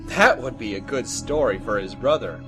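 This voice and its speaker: A man narrating a folktale in an expressive, theatrical storytelling style. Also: medium pitch, normal speed, over music.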